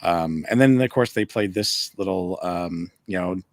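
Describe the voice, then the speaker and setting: A man with a fairly low voice co-hosts a casual chat. He talks in an animated way and jumps up in pitch when he acts out what others said. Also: measured pace, dry recording. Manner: animated, acts out quotes in a higher voice. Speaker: podcast co-host.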